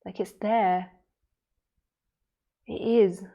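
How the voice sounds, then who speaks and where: A woman spiritual teacher answering viewer questions on a livestream, talking in a gentle, meandering, relaxed way. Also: medium pitch, drawn-out words, lo-fi sound.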